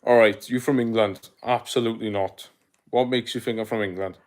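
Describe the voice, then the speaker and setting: A young man with a South Welsh accent chats loosely on a livestream, his voice sitting a little low. He rambles through fillers and restarts and laughs easily while reacting to comments. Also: steady tone, a little fast. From Wales. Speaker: livestream host. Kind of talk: casual livestream chat reading comments.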